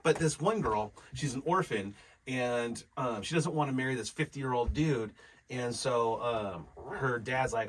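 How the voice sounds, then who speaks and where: A man's voice: medium pitch, measured pace, rough recording. A man in his forties, co-hosting a casual podcast, retelling a movie in a laid-back way with lots of fillers. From California. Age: 40s. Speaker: podcast co-host. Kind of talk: casual chat.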